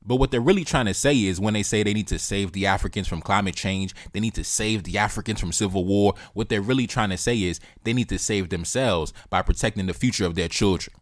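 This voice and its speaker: Blunt, profane man, low voice. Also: a little fast, few pauses, no room sound, studio quality. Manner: emphatic, blunt and profane, repeats key points. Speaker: reaction video host. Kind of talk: heated political commentary.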